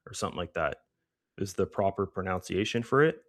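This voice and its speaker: Low-voiced chatty man calling trades. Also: moderate pace, pauses often, no echo, clean studio sound. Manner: chatty, keeps asking "right?". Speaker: trading stream host. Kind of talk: live trading commentary.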